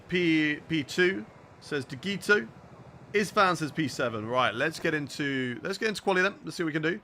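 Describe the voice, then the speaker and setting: A man with a southern English accent and a fairly high voice streams a racing game, joking and chatting energetically with his viewers. There's a slight hiss or hum on the recording.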